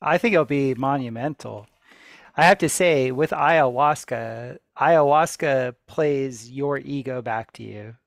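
A man's voice: mid-range voice, a little slow, vocal fry, dry recording. A man as a podcast guest, speaking in an earnest, assured way in casual chat.

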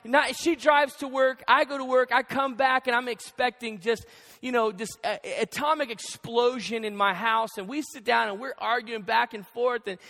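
A young male pastor preaches with a very high, bright voice, joking as he tells stories. His sermon rings through a large hall with long reverb. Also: moderate pace. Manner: joking, animated storytelling. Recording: echoey church hall.

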